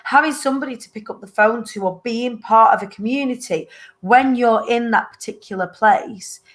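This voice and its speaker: A woman's voice: on the high side, normal speed. A British woman hosting a casual interview show, rambling and searching for her words. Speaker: show host.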